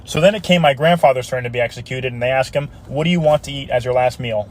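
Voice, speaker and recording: A man's voice: medium pitch, fast. A man telling comic stories in a casual way and putting on voices for the people in them. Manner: casual storytelling with put-on voices. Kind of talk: telling a joke story.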